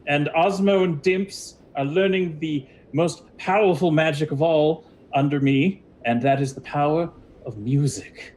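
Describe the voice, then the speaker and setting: A man's voice: on the high side, measured pace, few pauses, a little mellow, slight background noise, pitched above the performer's own voice, close to an everyday voice. A man voicing a pompous, four-foot-tall male lizard wizard who leads a band, talking grandly and theatrically. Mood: boastful.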